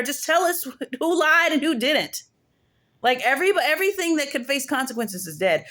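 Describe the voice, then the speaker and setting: A woman's voice: fairly high pitch, a bit bright. Emphatic, slangy woman ranting. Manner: emphatic and slangy, repeats phrases for effect. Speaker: prophetess hosting her own channel. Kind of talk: casual commentary rant.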